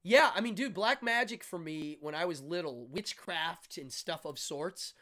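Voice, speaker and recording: A man's voice: fairly high pitch, expressive, normal speed. A man in his fifties hosting a live stream, chatting casually in a laid-back, slangy way and thanking viewers by name. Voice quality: laid-back, slangy, with frequent ums and uhs. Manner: upbeat sign-off, shouting out viewers by name. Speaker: host.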